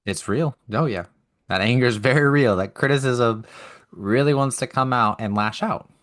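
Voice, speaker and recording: A man co-hosting a podcast, calmly explaining and reflecting with everyday examples in casual conversation. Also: mid-range voice, normal speed. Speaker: podcast co-host. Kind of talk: casual chat.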